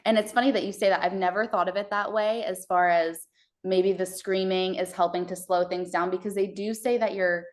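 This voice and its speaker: A woman from Texas, a podcast guest, telling her birth story in a casual, halting way with many fillers and restarts. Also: medium pitch, fairly even intonation.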